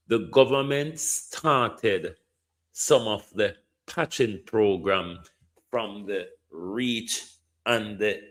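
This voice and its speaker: A Jamaican man giving indignant political commentary, slipping between patois and standard English. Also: lowish voice. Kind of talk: opinion commentary.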